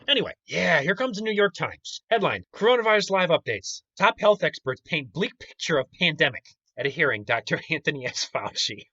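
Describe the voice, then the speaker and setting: Man, indignant sarcastic rant, bright forceful voice, dry dull lo-fi sound. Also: a little high, big pitch swings, fast talker, no room sound. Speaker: commentary channel host. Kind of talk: ranting political commentary.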